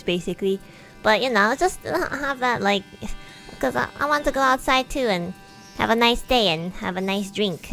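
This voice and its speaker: A young woman streamer telling a long everyday story in casual chat, animated and chatty, acting out what people said. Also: lowish voice. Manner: chatty, animated, acts out quoted lines in a raised voice.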